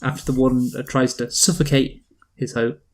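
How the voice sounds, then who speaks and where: Man co-hosting a movie podcast, mid-pitched, rambling and casual, many fillers. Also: steady tone, normal speed. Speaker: podcast co-host reviewing films. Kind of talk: casual chat.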